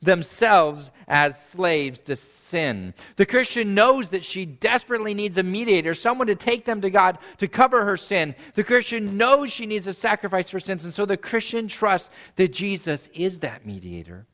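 High-voiced earnest male preacher. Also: lively intonation, normal speed, hardly any pauses, long reverb tail. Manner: earnest preaching that swells to emphatic peaks and drops to quiet, hushed endings. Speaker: pastor. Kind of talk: sermon.

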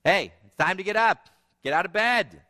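Male preacher doing an exasperated, insistent mother, raised bright voice in a reverberant hall. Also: sits high, animated, moderate pace, voice pushed up. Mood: scolding. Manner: scolding, insistent. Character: exasperated mother rousing her grown son.

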